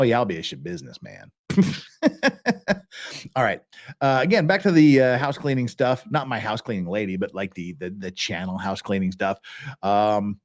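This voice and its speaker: A male livestream host talking off the cuff in a casual, rambling way. His pitch swings widely as he grumbles and waves things off with dismissive, self-mocking asides.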